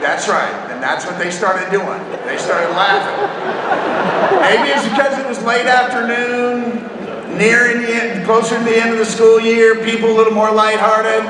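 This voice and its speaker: A man's voice: extremely high pitch, normal speed, over a noisy crowd. A man giving a storytelling keynote speech at a convention, tagging his points with rhetorical questions. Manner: anecdotal, with rhetorical "right?" tags. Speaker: convention speaker. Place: large convention hall. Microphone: far from the recording mic. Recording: echoey hall, distant mic, background noise.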